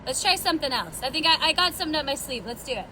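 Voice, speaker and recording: A woman with a very high, piping voice acts out a goofy skit for a children's lesson. She talks in an excitable, theatrical way. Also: rapid-fire, poor audio. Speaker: educator playing a would-be bird. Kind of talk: playful kids' lesson skit.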